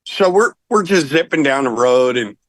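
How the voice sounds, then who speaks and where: A middle-aged man, a rock singer, telling anecdotes in a casual interview, animated and laughing now and then. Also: mid-range voice, moderate pace, dry recording, rough recording.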